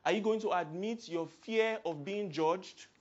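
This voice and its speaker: A man with a Nigerian accent preaching a sermon, swinging from hushed, quiet passages to loud, emphatic outbursts. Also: sits high, unhurried, highs cut off.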